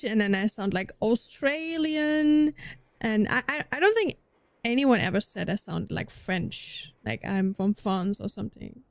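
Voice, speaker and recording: Casually talking to her livestream viewers while she games, a young German woman rambles and frequently restarts her sentences, her accent faintly Scandinavian-tinged. Her voice sits high, with no room sound.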